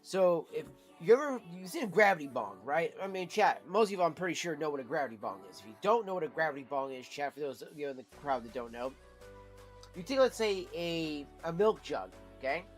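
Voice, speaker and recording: A streamer with a fairly high voice tells a long, loose story straight to his chat. He talks casually and animatedly, with plenty of swearing. Faint music plays underneath. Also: a little fast. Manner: rambling, profane, animated.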